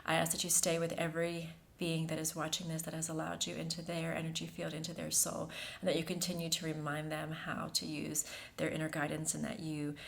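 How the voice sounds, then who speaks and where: Rich: A woman hosting a guided meditation, her voice low and even with a gravelly fry underneath. She speaks calmly and repeats soothing phrases. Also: a little fast. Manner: calm, repetitive and soothing.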